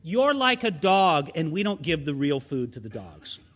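A man's voice: fairly high pitch, sing-song, normal speed, a bit bright, big-room sound, voice pushed down. A man voicing a blunt male teacher who curtly brushes someone off, in a sermon. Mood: dismissive.

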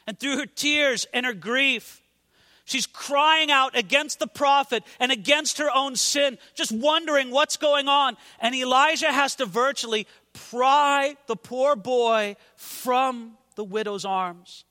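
A man's voice: very high voice, takes it slowly, sharp tone, in a large hall. A man preaching a sermon with passion, his voice swelling and dropping for emphasis.

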